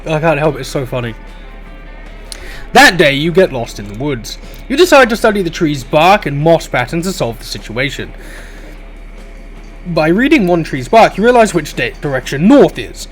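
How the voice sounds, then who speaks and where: A man reads a comedy visual novel aloud, his pitch bouncing all over as he giggles through it. He swears offhandedly between lines. Faint music plays under him. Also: normal speed, long pauses. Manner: giggly, animated, swears casually. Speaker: game streamer voicing all characters. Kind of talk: reading a visual novel aloud with laughs and asides.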